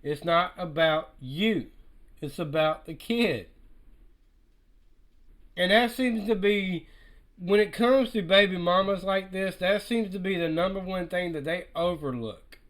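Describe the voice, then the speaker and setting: Emphatic high-voiced man commentating. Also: measured pace, fairly bright tone, low-quality recording. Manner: emphatic, repetitive, addresses viewers directly. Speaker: reaction video commentator. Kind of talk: reaction commentary.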